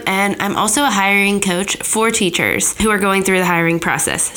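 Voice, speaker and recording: A woman in her thirties with a medium-pitched, slightly bright voice hosts a casual podcast. She's chatty and candid, and a cold makes her sound a little nasal.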